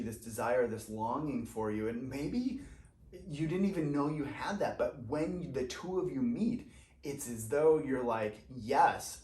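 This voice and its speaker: Gushing spiritual tarot reader, roomy sound. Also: male voice, medium pitch, a little mellow. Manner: enthusiastic, exclamatory, gushing over the cards; rambling with many fillers and restarts. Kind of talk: spiritual tarot reading to camera.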